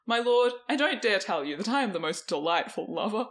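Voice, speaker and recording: A woman's voice: mid-range voice, lively intonation, a little fast, close to an everyday voice. Vain beautiful young man, read out by a woman. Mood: coy.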